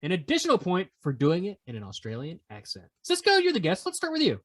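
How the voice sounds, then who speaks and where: A man's voice: sits high, wildly swooping pitch, fast talker, fairly bright tone. A man hosting a podcast quiz segment, teasing the players in a playful, casual way. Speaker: podcast host running a quiz. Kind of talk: casual chat.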